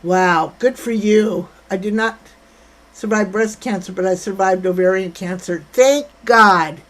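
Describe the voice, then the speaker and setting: In a rough recording, an older woman speaks at a measured pace in a mid-range voice. She hosts a casual livestream, bluntly and brashly chatting with viewers and reading their comments aloud.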